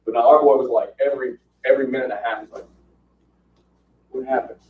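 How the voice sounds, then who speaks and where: A medium-pitched man races through fight stories in casual conversation. Full of animation, he acts out quotes and laughs often, and the podcast audio is muffled, roomy and distant.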